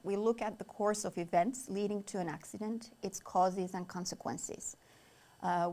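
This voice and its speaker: A woman from Finland, a native Finnish speaker, presenting a safety investigation at a formal briefing, measured and pausing on fillers. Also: fairly low pitch, a little mellow. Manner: measured, with frequent filler pauses. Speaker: head of communications presenting an investigation.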